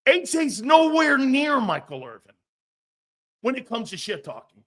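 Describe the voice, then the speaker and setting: A man's voice: sits high, sing-song, moderate pace, a bit bright. A middle-aged man hosting an opinionated sports talk show, blunt and profane, now and then mocking others in put-on voices.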